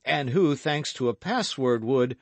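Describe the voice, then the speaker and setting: A man's voice: mid-range voice, lively intonation, measured pace, no echo, voice pushed up. A man voicing a bold, gallant young guardsman in an audiobook reading, speaking earnestly and eagerly.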